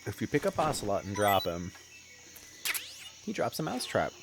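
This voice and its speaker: A man's voice: lowish voice, big pitch swings, moderate pace, creaky, over music. Chatty man narrating a game playthrough. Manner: chatty, self-deprecating. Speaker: gaming streamer. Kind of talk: casual let's-play commentary.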